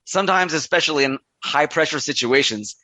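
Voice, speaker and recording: A man co-hosting a podcast brings in his guest in an upbeat, polite way. His voice is bright and a little high, recorded dry and close. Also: a little fast, no echo. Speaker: podcast co-host. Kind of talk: casual podcast interview.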